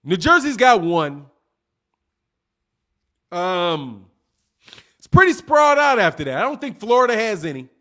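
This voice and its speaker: A man with an unusually high voice hosts a casual livestream. He rambles quickly and teases his viewers with cocky trash talk, often restarting his sentences. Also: very animated, a bit bright. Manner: cocky, teasing, trash-talking; fast, rambling, with restarts and laughs. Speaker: livestream host.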